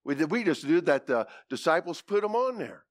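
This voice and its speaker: A man preaching a folksy, animated sermon, with whoops and asides to the congregation. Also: fairly high pitch, moderate pace, no echo, studio quality.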